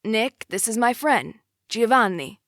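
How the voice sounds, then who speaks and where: A woman's voice: on the high side, lively intonation, a little slow, fairly bright tone, dry recording, studio quality, pitched above the performer's own voice. Woman reading as an earnest young brother. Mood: nervous, eager. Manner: earnest, firm about his sister. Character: young man, protective older brother, easygoing. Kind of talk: audiobook character voice.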